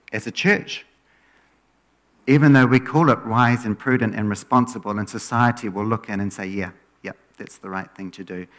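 Male pastor, easygoing conversational sermon, phrase endings drop off softly. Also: lowish voice. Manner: relaxed, often trails off quieter at phrase ends.

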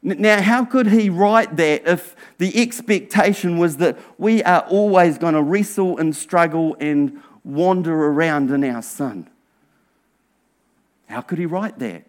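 A man preaching a sermon as pastor, earnest and emphatic, asking rhetorical questions and dropping to a hushed voice at times. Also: a little high, measured pace. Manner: earnest, drops to a hushed near-whisper for emphasis.

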